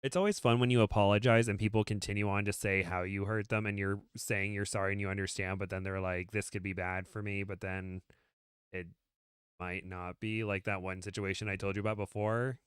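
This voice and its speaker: A man's voice: on the low side, little pitch movement, fairly quick, clear, resonant tone, no room sound. A man co-hosting a casual podcast, chatting and reading a story aloud with playful, self-deprecating asides and frequent laughter. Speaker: podcast co-host.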